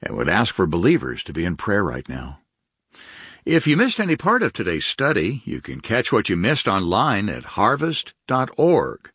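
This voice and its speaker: A man's voice: lowish voice, huge pitch swings, normal speed, fairly bright tone, husky, dry recording, clean studio sound. A man co-hosting a radio program, announcing offers and asking questions in an announcer's manner.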